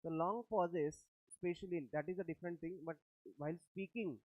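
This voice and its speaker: A male lecturer with an Indian English accent explains points step by step, often asking his class whether they understand. His voice sits a little high. The recording is dry and tinny, close to a phone line. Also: brisk, no echo.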